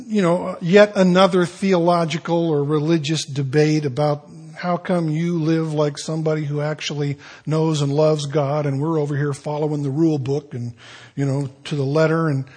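A man's voice: fairly high pitch, fairly even intonation, moderate pace, a little mellow, slightly rough. A man preaching a sermon, retelling stories in a folksy, conversational way with joking asides.

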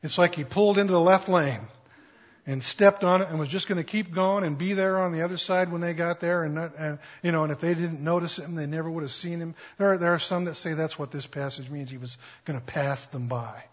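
A man's voice: on the high side, steady tone, a little fast, dull audio. A man preaching a sermon in a conversational, playful way, acting out quotes with jokes. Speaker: pastor.

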